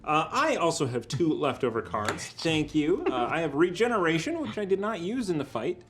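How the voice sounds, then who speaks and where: A chatty man running a tabletop game on a live stream. His fairly high voice swings up and down as he talks. He laughs often and trails off into fillers. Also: very animated, moderate pace. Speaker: dungeon master.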